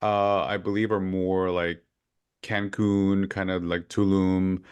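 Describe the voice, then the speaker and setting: Deep-voiced chatty male podcast host. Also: flat delivery, slow pace, smooth. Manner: effusive, chatty, full of fillers. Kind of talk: casual interview chat. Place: current home in Orlando.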